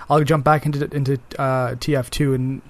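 A man's voice: medium pitch, flat delivery, normal speed. A man co-hosting a casual games podcast, talking in a chatty, eager way. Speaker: podcast co-host. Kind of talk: casual chat about games.

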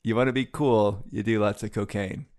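A man's voice: on the low side, steady tone, normal speed, darkish tone. A man co-hosting a podcast in casual chat, rambling and joking at himself. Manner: rambling, self-mocking, many restarts. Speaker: podcast co-host.

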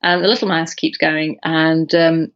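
A woman with a low-pitched voice speaks at a measured pace, and the recording has its highs cut off. She's a podcast co-host in casual chat, an animated storyteller full of ums and restarts.

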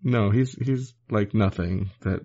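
Relaxed, offhand man co-host. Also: fairly low pitch, takes it slowly, husky, muffled recording. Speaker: podcast co-host. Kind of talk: casual movie-review chat.

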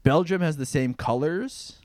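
A man co-hosting a comedy podcast in casual, deadpan chat, swearing freely. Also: a little high, a little slow, dry recording. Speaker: podcast co-host.

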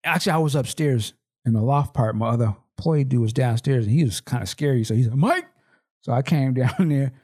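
Podcast co-host, man, casual slangy storyteller, middle pitch. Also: quick pace, a little mellow, husky. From Seattle, Washington. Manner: storytelling, slangy, acts out dialogue. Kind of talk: casual chat.

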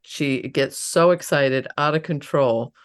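A woman hosting an interview, asking halting, rambling questions about her dog. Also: low-pitched. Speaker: interview host. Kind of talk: casual interview talk.

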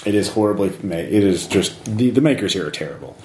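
A man doing a flustered, stammering businessman who trips over his words and keeps apologizing. The pitch leaps up whenever panic sets in. It's recorded in an echoey room with a faint hiss behind. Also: expressive, fast talker, darkish tone. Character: nervous, stammering male corporate businessman.

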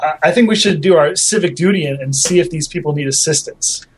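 Fast-talking man with a higher voice. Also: a little hiss or hum. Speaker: player. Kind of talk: casual tabletop role-play.

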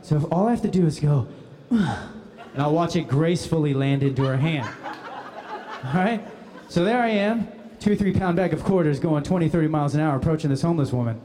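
A man telling a funny personal anecdote, animated and often laughing as he speaks. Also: on the high side, a little fast. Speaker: guest storyteller. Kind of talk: comic anecdote.

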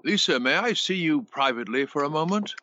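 A man's voice: a little high, lively intonation, brisk, bright, forceful tone, muffled recording, a little hiss or hum. An actor playing a pompous, smarmy older male spelling-bee official in a cartoon.

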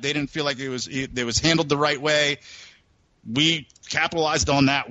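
A podcast co-host tells a long, rambling story in a casual way, restarting his sentences again and again. His voice sits on the high side, pushed and bright. The recording is dull and dry, with no room sound.

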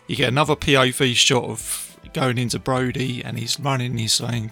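A man casually recapping a film, chatty and enthusiastic, tossing in quick impressions of lines. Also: mid-range voice, steady tone, vocal fry, sharp tone, faint music behind. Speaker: film reviewer.

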